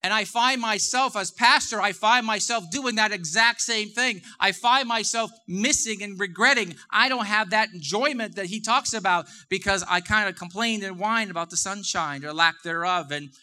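This middle-aged pastor's sermon moves at a moderate pace with few pauses, his very bright, somewhat high voice rising when he emphasizes something. Speaking to his church congregation conversationally and at ease, he tends to repeat his phrases.

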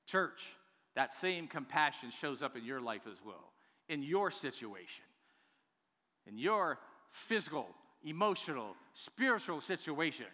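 A man preaching a sermon to his church, swinging between hushed, drawn-out lines and loud, emphatic ones. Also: a little high, very animated. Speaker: pastor. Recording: long hall reverb.

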